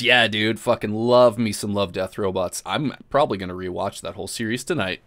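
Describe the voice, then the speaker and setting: A man's voice: on the low side, fairly quick, fairly bright tone. Laid-back swearing man streaming casually. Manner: laid-back, swears often, laughs while talking. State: drinking beer, burps. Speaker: host. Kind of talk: casual livestream chat.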